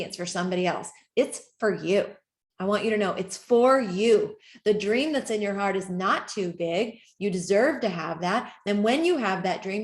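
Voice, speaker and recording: A middle-aged woman leading a motivational training talk for her network marketing team, earnest, emotional and encouraging. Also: medium pitch. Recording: roomy echo.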